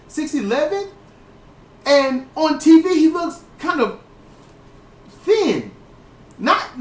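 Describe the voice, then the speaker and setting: A man hosting a casual wrestling podcast, telling stories in a lively way, with frequent swearing and restarted sentences. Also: extremely high pitch. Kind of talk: casual commentary chat. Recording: roomy, distant mic.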